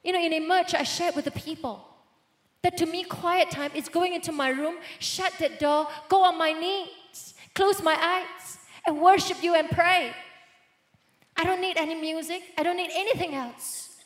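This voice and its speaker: High-pitched lady pastor preaching her story, big ups and quiet downs, echoey church hall sound. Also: moderate pace. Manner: animated storytelling, swings between loud bursts and hushed lines. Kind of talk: sermon testimony.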